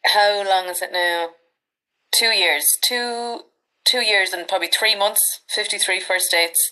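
An Irish woman in her thirties, a podcast guest telling dating stories in a chatty, animated way with frank swearing. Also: mid-range voice, measured pace, poor audio. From Ireland. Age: 30s. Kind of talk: casual storytelling chat.

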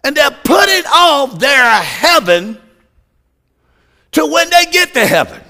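A man preaching a fervent sermon, shouting his points and calling out hallelujahs. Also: very high voice, sing-song, a little slow, gravelly.

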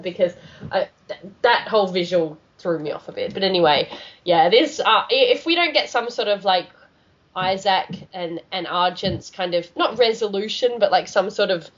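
A woman hosting a podcast, talking in loose, rambling casual chat. Her voice sits in a middle pitch. The audio is muffled and lo-fi. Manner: rambling, many "like" fillers. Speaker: podcast host.

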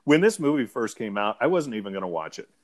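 A man's voice: medium pitch, fast. Middle-aged guy on a podcast, laid back, talking movies, tosses in quotes. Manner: relaxed storyteller, quotes film lines. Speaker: podcast co-host. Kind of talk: casual movie chat.

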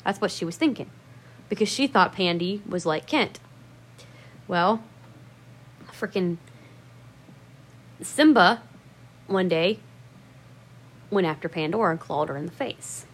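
A woman's voice: on the low side, animated, slow pace, long pauses, husky. A woman telling a personal story in a casual, rambling way, swearing often and stressing her words for emphasis.

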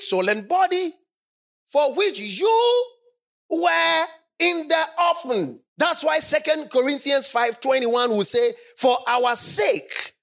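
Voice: sits high, gravelly, a bit bright. A preacher giving a sermon in a church service, stressing points by repeating phrases and drawing call-and-response from the congregation.

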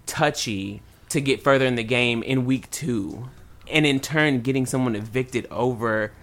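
A man's voice: mid-range voice, a little slow, fairly bright tone. A man hosting a casual podcast, giving earnest, personal commentary. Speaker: podcast host. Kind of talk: casual chat.

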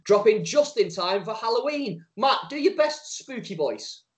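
A man's voice: high voice, lively intonation, normal speed. A man hosting a running podcast, reading the show notices in an upbeat, chatty way. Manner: upbeat, chatty, laughs easily. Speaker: podcast host. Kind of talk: casual podcast chat.

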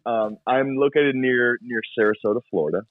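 A man with a Southern American accent, a youth and children's pastor, talking easily as a podcast guest. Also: medium pitch. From southern United States. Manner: friendly, easygoing, quick to laugh. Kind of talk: casual interview. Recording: tinny phone-like call audio.

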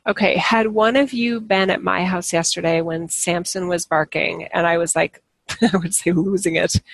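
A woman talks casually to her live viewers in a voice with a gravelly edge. She rambles and restarts her sentences, often laughing at herself. The sound is close and dry. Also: on the low side, no echo. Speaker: livestream host.

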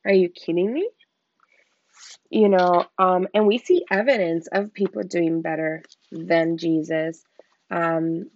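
A woman hosting a podcast episode of casual Bible teaching. She talks in an excitable, rambling way, with many exclamations, on a slightly muffled lo-fi recording. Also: on the low side, creaky. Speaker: podcast host.

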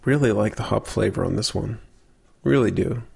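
Man, gravelly voice, casual beer-tasting chat, relaxed, explains as he goes. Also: fairly low pitch, normal speed. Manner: relaxed, thinks aloud, explains beer facts. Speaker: podcast co-host.

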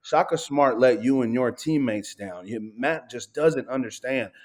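Guy ranting about college hoops, swears a lot, stumbles, kinda high. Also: a little slow, darkish tone. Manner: profane, ranting, stumbles and repeats words. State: says he is high. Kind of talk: heated casual sports talk.

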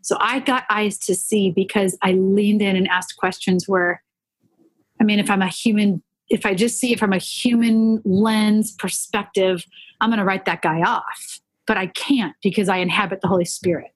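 A woman guest telling earnest faith stories in a podcast conversation, animated and full of restarts. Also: medium pitch, moderate pace, slightly rough, no room sound. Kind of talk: faith-based conversational storytelling.

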